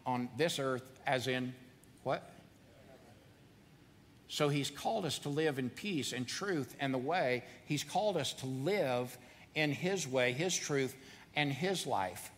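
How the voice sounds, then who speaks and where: A man's voice: mid-range voice, in a large hall, a little hiss or hum. A man preaching a sermon in a conversational, earnest way, repeating phrases for emphasis.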